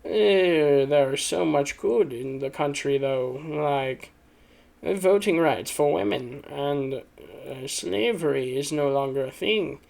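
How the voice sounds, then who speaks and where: Brief: man playing an old statesman, earnest and halting, close to his own voice. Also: on the high side, gravelly, a little mellow. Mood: solemn. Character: old founding-father statesman, solemn but proud.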